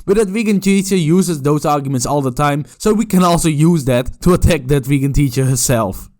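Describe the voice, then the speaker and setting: A man's voice: on the high side, fairly quick, darkish tone. A man giving mocking, profane reaction commentary on a video clip. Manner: sarcastic, profane and scornful.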